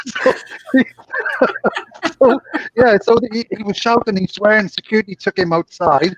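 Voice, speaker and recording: A man's voice: high-pitched, lively intonation, slow pace, long pauses, fairly bright tone, husky, dry recording. A middle-aged man, a former casino dealer, telling stories casually with chuckles. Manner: chuckles through stories, acts out voices. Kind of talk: casual storytelling on a live stream. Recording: dull muffled audio.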